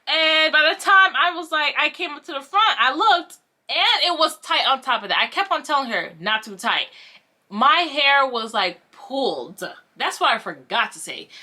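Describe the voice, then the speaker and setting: A young woman telling a casual storytime vlog, animated and acting out the voices of the people she quotes. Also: sits high. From Haitian family. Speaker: vlogger.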